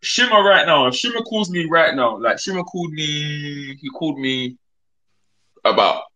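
A man's voice: fairly high pitch, expressive, normal speed, sharp tone, dull audio. A man, a rapper guest telling stories in a rambling, slang-heavy way that often restarts. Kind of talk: casual storytelling chat.

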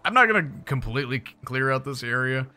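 A young man talks through his game in a loose, playful way, his voice bright and bouncing up and down as he gets excited. He speaks into a desk mic with faint music playing softly underneath. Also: medium pitch, fast talker. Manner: playful, excitable, jokey asides to viewers. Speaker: gaming YouTuber. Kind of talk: casual gameplay commentary.

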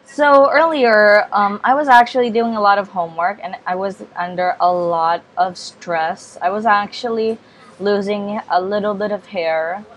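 With a mid-range voice, fairly even intonation and a measured pace, this woman vlogs about a game casually. She hesitates and rambles, full of fillers and self-corrections, and keeps apologizing and politely declining.

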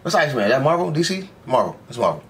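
A man's voice: medium pitch, big pitch swings, fast talker, fairly bright tone. A young man giving casual, slang-filled commentary while reacting to an anime episode, talking back at the screen. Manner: slangy, talks back to the screen, says "bro" constantly.

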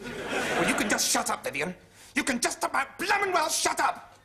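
An actor playing a hysterical, self-righteous young student who rants and shouts in a British accent. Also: male voice, very animated, normal speed, heavily acted. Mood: ranting. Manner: shrill ranting, shouting. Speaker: sitcom character. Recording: studio audience laughter behind. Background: audience laughter and noise.

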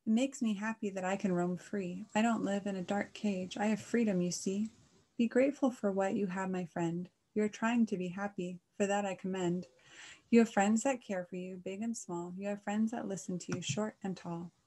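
A woman voicing a wise, motherly hen in a children's storybook, speaking in a soft, reassuring way. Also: mid-range voice, fairly even intonation, normal speed, lightly acted. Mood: gentle.

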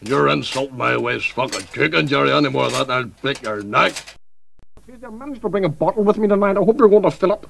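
Gravelly sweary Northern Irish man. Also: fairly high pitch, animated, fast, a bit bright, a little hiss or hum. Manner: blustering, sweary, threatening. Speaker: comedy sketch performer playing the host. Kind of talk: crude comedy sketch.

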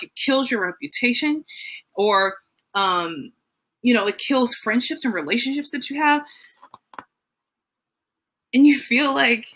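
A woman's voice: on the high side, bright, forceful tone, husky. A young adult woman leading a youth Bible study in a casual, chatty way, full of fillers and acted-out quotes.

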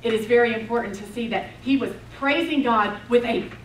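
A woman preaching a sermon at a retreat, telling the story with passion and swinging between loud declarations and hushed, intense moments. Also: fairly high pitch, fairly quick, slight background noise. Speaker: women's retreat speaker. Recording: roomy, distant mic, faint ambience.

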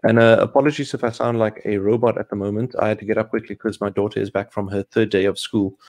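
A man's voice: on the low side, steady tone, quick pace, a little mellow. A man co-hosting a casual tech discussion from a home video call, chatty and a little apologetic. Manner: chatty, apologetic, quotes clients in voices.

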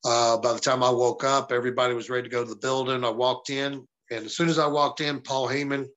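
A man from the American South tells wrestling stories in a loose, profane way, jumping into the voices of people he quotes. His voice sounds bright and forward. The pitch sits in a middle range. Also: fast. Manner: profane, animated storyteller acting out quotes. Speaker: wrestling guest. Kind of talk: casual storytelling interview.

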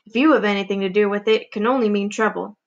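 A woman's voice: mid-range voice, steady tone, quick pace, vocal fry, muffled recording, close to an everyday voice. A woman voicing a gloomy, grumbling earthworm in a storybook read-aloud, muttering pessimistically.

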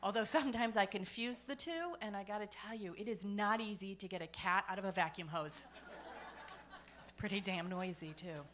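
A woman's voice: mid-range voice, moderate pace, a bit bright, a little hiss or hum. A woman performing a stand-up comedy set on a comedy club stage, chatty and self-deprecating with punchline-driven timing.

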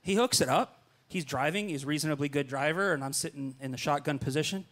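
A middle-aged man preaching, telling a long personal story in a lively way and acting out his own lines. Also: fast. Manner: animated, acts out his own lines with jumps in pitch. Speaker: pastor. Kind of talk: storytelling sermon.

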